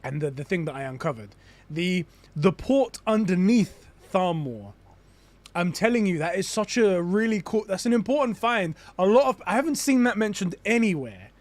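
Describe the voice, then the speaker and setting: A man's voice: sits high, expressive, moderate pace. A young adult man chatting casually on a live stream, theorizing in a rambling way with lots of restarts. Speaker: gaming streamer.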